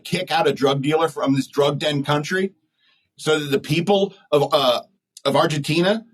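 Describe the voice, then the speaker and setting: A man holds forth on his own podcast with a husky, slightly rough voice. He rambles bluntly and chuckles at his own jokes as he goes. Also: on the high side, poor audio. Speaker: podcast host. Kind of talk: opinionated solo talk.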